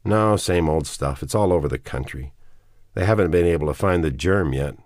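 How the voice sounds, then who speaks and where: A man's voice: a bass voice, moderate pace, a little mellow, no echo, studio quality. A man reading aloud voices a worried young husband and father who is anxious but reassuring.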